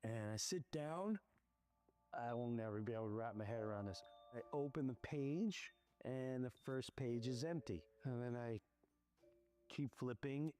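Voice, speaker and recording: A man casually telling a personal story in an animated, rushed way, often restarting his sentences. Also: mid-range voice. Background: music.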